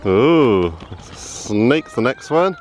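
A man in his thirties talks casually to a handheld camera while out on a farm walking trail. His delivery is chatty and animated, with a lively, swooping pitch as he encourages his young son. A faint outdoor noise sits under his voice. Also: drawn-out words. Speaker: family vlogger.

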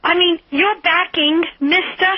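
A woman's voice: very high-pitched, fairly even intonation, a little slow, no room sound. A woman calling a radio show, talking in an upset, insistent way with some stammering. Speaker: caller. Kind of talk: call-in radio talk. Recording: muffled phone line on air.

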